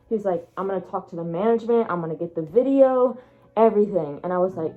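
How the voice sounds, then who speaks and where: A young woman telling a story in a casual vlog, animated, acting out what people said with big jumps in her voice. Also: fast, narrow, tinny audio, soft background music. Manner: animated, acts out quotes with big pitch jumps. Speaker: storyteller vlogger.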